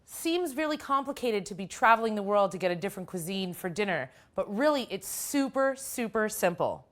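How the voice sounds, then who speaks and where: With big swings in her medium-pitched voice and a fairly quick pace, a woman hosts a cooking show. It's a casual demonstration, and she chats upbeat while working through the recipe.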